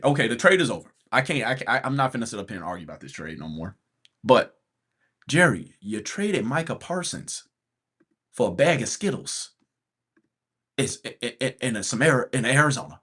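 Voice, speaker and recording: A man hosts a casual sports rant, his pitch swinging widely as he goes from exasperation to laughter. His voice is husky and his speech slangy and loose. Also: big pitch swings, normal speed, a bit bright. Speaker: podcast host.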